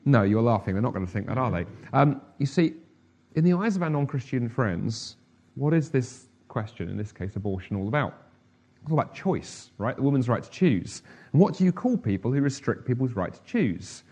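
A man's voice: medium pitch, very animated, brisk, darkish tone, husky, highs cut off. Middle-aged male preacher giving a chatty sermon in a mid-range voice. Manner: conversational, humorous, with asides.

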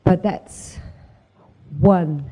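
A woman in a Bible study group sharing a thought slowly and searchingly. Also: on the low side, warm tone. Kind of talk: group discussion. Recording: dull lo-fi audio.

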